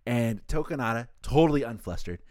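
A man's voice: mid-range voice, a little fast, dry recording, studio quality. A young man co-hosting a podcast, recapping a story in casual chat and acting out the lines. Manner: animated storyteller who acts out quotes. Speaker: podcast co-host.

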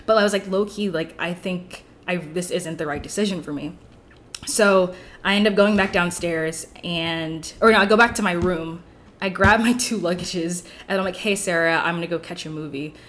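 This podcast guest is a young woman whose voice sits on the lower side with a fairly bright tone, moving at a moderate pace. Her casual story wanders, and "like" fills nearly every line.

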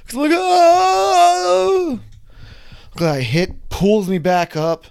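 A young man with a slightly high voice tells a wild story from his own life in a casual, animated way. He keeps acting out his own fear and panic as he goes. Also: moderate pace, clean tone.

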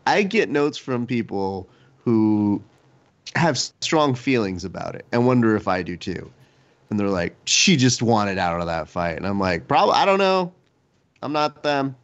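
A man's voice: fairly low pitch, lively intonation, unhurried, lo-fi sound. A man co-hosting a fight podcast, chatting casually and telling rambling jokey stories. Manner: joking, rambling storyteller. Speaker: podcast co-host. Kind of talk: casual chat.

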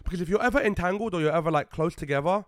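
Young man, podcast chat, quick, slightly high voice, dead-dry room, swears freely. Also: no echo. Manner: animated, swears a lot, heated retelling. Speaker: podcast co-host. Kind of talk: casual storytelling chat.

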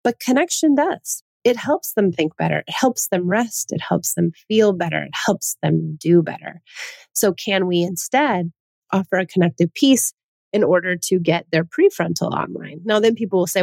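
A woman's voice: on the low side, animated, normal speed, vocal fry, darkish tone, dry recording. Woman host chatting about parenting, earnest, lots of questions, dry close mic. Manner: earnest, rhetorical questions, self-corrections. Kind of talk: casual advice talk.

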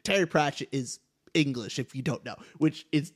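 A man's voice: fairly high pitch, moderate pace. A man co-hosting a book podcast, chatting casually with wry, teasing banter. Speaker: podcast co-host.

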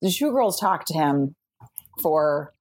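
A woman's voice: low-pitched, lively intonation, slow pace, a little mellow. A woman from New York, a comedy podcast guest, telling a casual anecdote over a remote call, chatty and laughing often between phrases. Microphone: remote video call.

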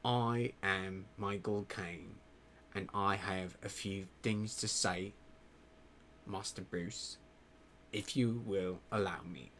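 A man doing a deliberately poor put-on British accent as a dignified older butler, speaking lower and more quietly than his usual voice. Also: fairly even intonation, slight background noise. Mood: mock dignified. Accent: put-on British, admittedly poor. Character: man's clumsy impression of an older male British butler.

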